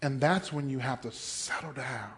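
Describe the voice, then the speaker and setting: A man's voice: high voice, expressive, unhurried, fairly bright tone. A male pastor preaching, telling a story with lots of animation, acting out the voices and laughing often. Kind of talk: sermon.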